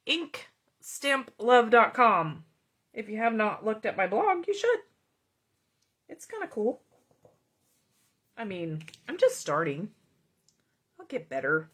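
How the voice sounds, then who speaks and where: A woman's voice: a little high, sing-song, slow, pauses often, a bit bright, slightly rough. A middle-aged woman hosting a card-making tutorial, chatting casually with viewers and greeting commenters by name as she works. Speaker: card-making video host.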